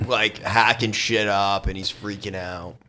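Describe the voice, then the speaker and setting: A man with a low-pitched voice adds to a casual chat about a film. His interjections are relaxed and agreeable. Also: unhurried, a little hiss or hum. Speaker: podcast co-host.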